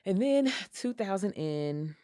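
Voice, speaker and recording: A woman from the United States, a guest athlete in a casual interview, telling lively stories and acting out quoted lines. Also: mid-range voice, slow, no room sound, studio quality. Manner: animated storyteller who acts out quoted lines.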